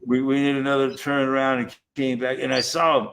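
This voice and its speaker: A man in casual chat, telling a rambling story, swearing heavily and talking with animated energy. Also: mid-range voice, fairly quick, creaky. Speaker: podcast host.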